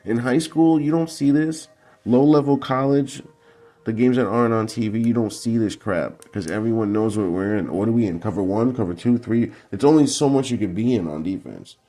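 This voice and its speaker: A man's voice: fairly low pitch, brisk, hardly any pauses, mellow. A man breaking down football game film in a heated, profane, combative rant. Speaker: football analysis vlogger.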